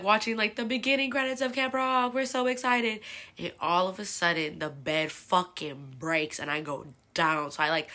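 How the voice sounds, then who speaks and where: Lowish, bright, and forceful, the voice belongs to a twenty-something podcast host from El Sobrante, California. Her confessional storytelling is casual and chatty, full of swearing, filler words, and overshared personal details.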